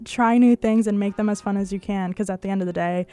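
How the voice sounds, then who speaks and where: Young woman, college radio news host, croaky voice, casual and chatty with frequent laughs. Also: medium pitch, steady tone, quick pace, dark tone. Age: young adult. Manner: chatty, laughs often, fillers like "um".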